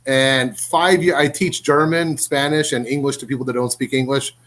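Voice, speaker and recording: A man talking as a podcast guest in casual chat, an animated storyteller who swears casually. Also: mid-range voice, normal speed. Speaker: guest, cigar writer and language teacher.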